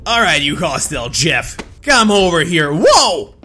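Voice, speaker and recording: A young man giving excited, loud gameplay commentary as a gaming video host. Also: a little high, moderate pace, slight background noise. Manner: hyped, loud exclamations and laughter. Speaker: gaming YouTuber. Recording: background music under voice.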